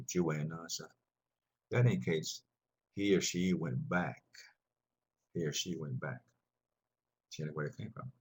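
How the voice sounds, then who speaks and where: Male language teacher, deep and heavily husky voice, patient and repetitive classroom delivery. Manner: rambling, patient, repeats words for students. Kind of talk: classroom lesson explanation.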